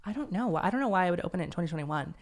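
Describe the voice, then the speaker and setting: A man's voice: sits high, lively intonation, racing. A young man hosting his own podcast, talking casually and rambling with a self-deprecating humor. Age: young adult. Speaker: podcast host. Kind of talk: casual solo podcast chat.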